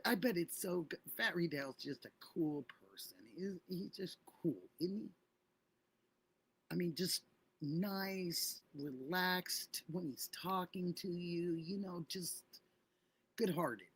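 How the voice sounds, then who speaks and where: A woman's voice: fairly low pitch, slow pace, husky. A middle-aged woman hosting a casual livestream, chatting effusively and thanking viewers by name. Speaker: livestream host.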